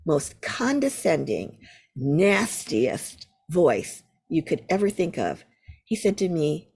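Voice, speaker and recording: Older female guest, lively storyteller, low-ish voice with a wide swing. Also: takes it slowly, vocal fry, breathy edge. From United States. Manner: animated, vivid storyteller. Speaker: Zen teacher, guest. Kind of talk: storytelling in an interview.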